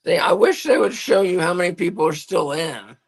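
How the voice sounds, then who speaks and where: A gravelly-voiced man co-hosting a wrestling watch-along. He talks bluntly and drops crude wisecracks about the matches. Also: sits high, fairly quick. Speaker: co-host. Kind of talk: casual chat.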